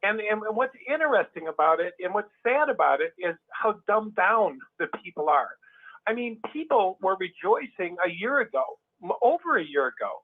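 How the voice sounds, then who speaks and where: A man's voice: high-pitched, very animated, normal speed. Heated man on a tinny phone line. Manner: emphatic, heated, many restarts. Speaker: guest. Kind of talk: casual conversation.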